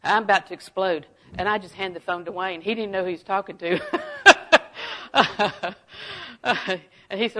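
Woman preacher, middle-aged, folksy sermon, lively storytelling, quick laughs, hushed asides. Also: medium pitch, low-quality recording. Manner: folksy, animated, laughs often, drops to a hush for asides. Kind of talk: sermon with personal stories.

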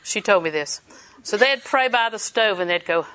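A woman's voice: medium pitch, normal speed, noisy background. A woman preaching a sermon, telling stories and laughing as she exhorts. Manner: storytelling, animated, laughs while preaching.

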